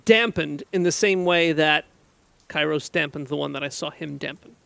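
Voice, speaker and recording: Player: man, fairly high voice, hesitant, thinks out loud, dry close sound. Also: moderate pace, creaky, no room sound. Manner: hesitant, thinking aloud with restarts. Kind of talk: casual play at a tabletop game.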